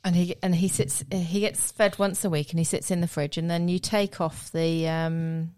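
A woman from Oxford with a lowish voice talks casually as a podcast co-host. She wanders through her explanations at her own pace. The sound is dry and close. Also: little pitch movement, normal speed, a little mellow, dry recording. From Oxford, England. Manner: chatty, meandering explanations. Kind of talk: casual chat.

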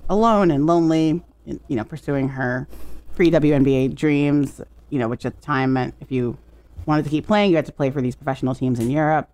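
A woman with a low-pitched voice co-hosts a casual podcast. She tells stories with animated energy, slips into quick quoted voices, laughs often and swears freely. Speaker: podcast co-host. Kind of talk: casual podcast chat reviewing a film.

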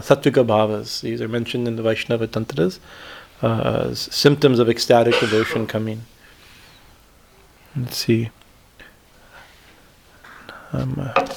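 A man, a swami, teaching on a devotional hymn, with many restarts and frequent "right?" checks, reciting Sanskrit lines slowly. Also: mid-range voice, creaky. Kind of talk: spiritual discourse on a hymn.

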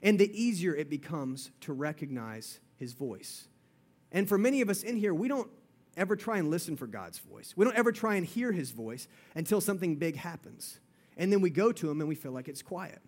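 A man's voice: on the high side, big pitch swings, brisk, a little mellow. A young man, a youth pastor, giving a playful, chatty sermon to a live audience, often calling out "guys" and repeating himself.

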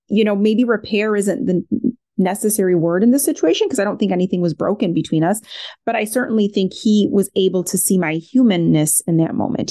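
A middle-aged woman with a somewhat low voice talks as a parenting expert on a podcast. She sounds candid and reflective, thinking aloud with frequent "like"s in easy conversation. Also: darkish tone. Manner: reflective, candid, many filler "like"s.

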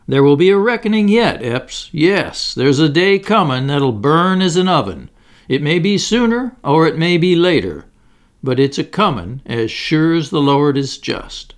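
A man's voice: fairly high pitch, very animated, unhurried. A man reading the part of an earnest carpenter who argues grave moral points. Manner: grave, preaching.

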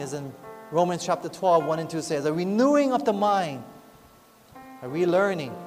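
A high-voiced man preaches from the pulpit, sharing a personal testimony in earnest tones. His voice rings with long reverb, and soft music plays behind him. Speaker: pastor. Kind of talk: sermon.

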